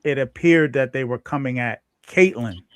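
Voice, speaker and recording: A man on a stream panel talking in a measured, agreeable way. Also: mid-range voice, clean tone, no echo. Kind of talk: casual stream chat.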